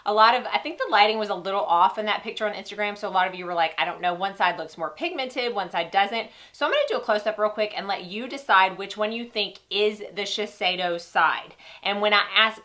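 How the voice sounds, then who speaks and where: Her voice is mid-range with a sharp edge, and congestion from a sinus cold gives it a nasal quality. This woman, a makeup artist vlogger, chats casually and speaks right to her audience during a beauty review and demo.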